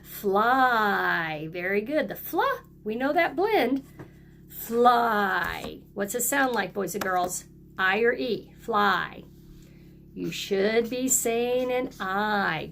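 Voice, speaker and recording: A woman teacher leading a phonics lesson for young children, speaking slowly and encouragingly and stretching out letter sounds. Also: mid-range voice, gravelly, a bit bright, slight background noise.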